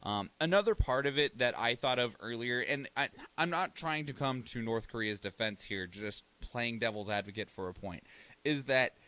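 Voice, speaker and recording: A man's voice: medium pitch, normal speed, pushed and bright. A young American man hosting a podcast, talking casually and profanely, rambling and acting out countries in mock voices. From United States. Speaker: podcast host. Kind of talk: casual solo commentary.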